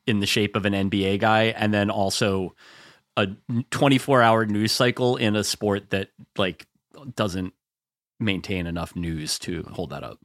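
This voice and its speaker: A man's voice: lowish voice, normal speed, fairly bright tone, no room sound. Dry-humored man co-hosting a podcast. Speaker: podcast co-host. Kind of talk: casual podcast banter.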